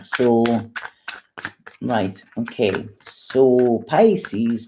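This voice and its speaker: A woman tarot reader with a deep voice who talks in a chatty, rambling way and swears bluntly while giving readings. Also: measured pace, background noise.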